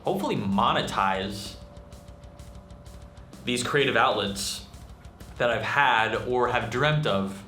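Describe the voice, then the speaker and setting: A man's voice: mid-range voice, slow, long pauses, bright, forceful tone. A young man casually rambling through a channel update, with frequent fillers and self-deprecating asides. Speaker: channel host and musician. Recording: echoey room with faint music.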